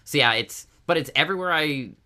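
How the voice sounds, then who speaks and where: A man from Nova Scotia with a Nova Scotian accent, a podcast guest telling stories in a chatty, animated way, full of fillers, restarts and quoted asides. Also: fairly high pitch, brisk. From Nova Scotia, Canada. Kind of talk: casual conversational interview.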